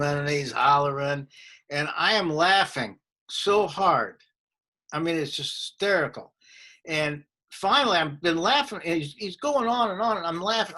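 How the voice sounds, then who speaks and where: A man in his sixties, a comedian guest telling anecdotes in an animated way in a casual interview. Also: a little high.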